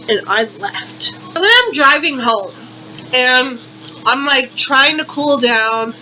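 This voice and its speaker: A woman's voice: high-pitched, sharp tone, a little hiss or hum, low-quality recording. A young woman vlogger performing a satirical monologue in exaggerated, repetitive, melodramatic outrage.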